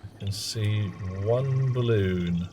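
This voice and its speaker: Man, lowish voice, wry muttered asides, casual game streaming. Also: slow pace, warm tone, slight background noise. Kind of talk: casual live gameplay commentary.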